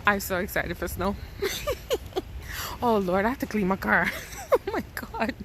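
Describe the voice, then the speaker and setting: Slow-talking, chatty woman vlogger, noisy background. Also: medium pitch, sing-song, a bit bright. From Canada. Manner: chatty and self-mocking, laughs often. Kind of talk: casual vlog chat. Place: outdoors in snow, then in a car. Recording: noisy outdoor and car ambience.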